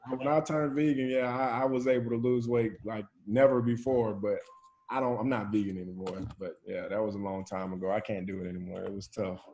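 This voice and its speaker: A former football player talking as a guest in a relaxed, agreeable casual chat. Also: male voice, on the low side, brisk, slight background noise.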